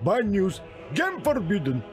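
An actor voicing a suspicious, gruff computer program in a video game, speaking with a Russian accent in a barking manner. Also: male voice, sits high, huge pitch swings, unhurried, exaggerated voice. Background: game music.

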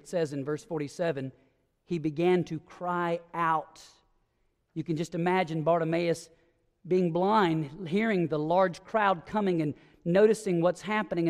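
High-voiced preacher in a reverberant church. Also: male voice. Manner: vivid storytelling, acting out scenes; emphatic, rising to ringing declarations. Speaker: pastor. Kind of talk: sermon. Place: church sanctuary. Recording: long reverb of a church sanctuary.

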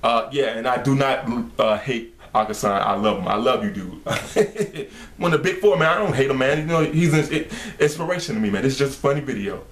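A man's voice: mid-range voice, lively intonation, brisk. A young man talks loosely to his viewers, trailing off and restarting. He laughs between thoughts and keeps it easygoing. His voice echoes in a bare room. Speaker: video creator. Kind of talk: casual vlog talk.

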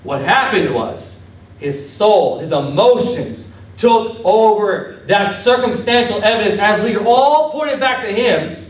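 A man preaching as pastor, lively, questioning his congregation and acting out Bible figures. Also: high voice, unhurried, a little hiss or hum. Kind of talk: sermon. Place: church sanctuary. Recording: echoey church hall from a distance.

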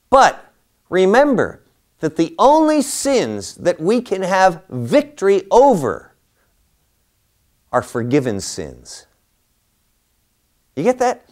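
A man's voice: high-pitched, wildly swooping pitch, slow, long pauses. A man teaching a Bible class, lecturing through a passage and posing rhetorical questions to his listeners.

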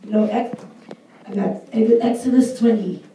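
A teenage girl with a husky voice, earnestly and casually urging a church to give offerings and reading scripture aloud. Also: fairly high pitch, normal speed. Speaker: church member exhorting for offerings. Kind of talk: church exhortation. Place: church hall. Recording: echoey hall, mic far off, soft guitar behind.

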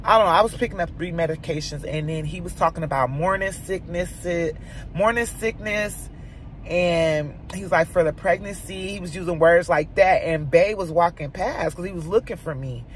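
Woman vlogger rambling to her viewers, animated and chatty, faint noise behind. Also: fairly low pitch, moderate pace. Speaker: mom vlogger. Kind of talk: casual storytelling to viewers.

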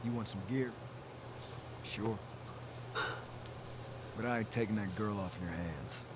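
An actor playing a firm, guarded younger brother who leads a community in a video game. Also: male voice, on the low side, takes it slowly. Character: stern younger brother, settled community leader. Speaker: game character. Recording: game audio under clear noise.

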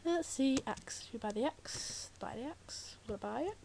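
A British teenage girl chatting loosely over her gameplay in a fairly high voice, cracking jokes and drifting off on tangents. Her words sit over loud, constant keyboard clatter picked up by a computer microphone. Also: lively intonation, moderate pace, gravelly. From Britain. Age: teens. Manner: chatty, jokey, rambling asides. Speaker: Let's Play gamer. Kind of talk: casual game commentary. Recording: loud keyboard typing noise. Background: loud keyboard clicks and typing.

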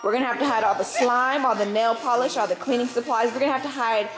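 A woman's voice: fairly high pitch, steady tone, fast talker. Young mom rambling on her home vlog, lotta "like", room's echoey and there's music behind. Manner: chatty, says "freaking" and "like" a lot. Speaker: vlogger and mother of twins. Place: family home.

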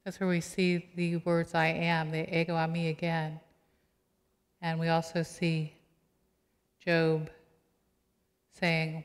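A middle-aged woman pastor giving a sermon in a conversational, animated storytelling way, acting out quoted voices. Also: on the low side, measured pace, pauses often, clean tone. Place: church sanctuary. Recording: long church reverb.

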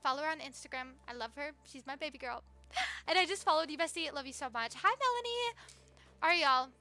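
A young woman live-streaming a game, gushing excitedly and chatting with viewers. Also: sits high, fast. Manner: excitable, gushing, talks to chat.

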